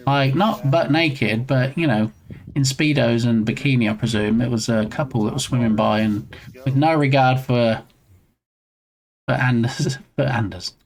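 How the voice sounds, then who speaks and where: A man hosting a game development live stream, chatting casually with his audience in a playful way and laughing often. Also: medium pitch. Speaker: game dev livestream host.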